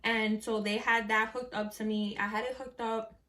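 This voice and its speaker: This young adult vlogger's fairly high, sharp voice stays flat in pitch as she talks at a moderate pace, picked up by a distant mic. Chatty and friendly toward her audience, she recounts a personal story to camera, peppered with "like" and some cursing.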